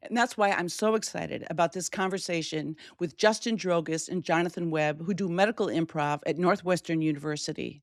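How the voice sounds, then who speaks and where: A woman hosting a podcast, telling a personal story in an animated way and acting out quoted voices. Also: no room sound, studio quality. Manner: animated, shifting pitch widely for quoted voices. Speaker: podcast host.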